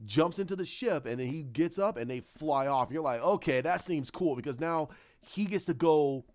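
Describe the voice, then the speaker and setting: Rambling male fan, slightly higher voice, lots of restarts, lo-fi dull sound. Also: normal speed, darkish tone. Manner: rambling, with many restarts and acted-out quotes. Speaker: fan commentator. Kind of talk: casual storytelling monologue.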